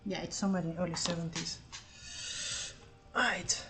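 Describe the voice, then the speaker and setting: A woman's voice: on the low side, fairly even intonation, moderate pace, reverberant, over music. A woman art streamer chatting casually as she draws, scattered and self-mocking, and she swears freely. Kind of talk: casual live-stream chat while drawing.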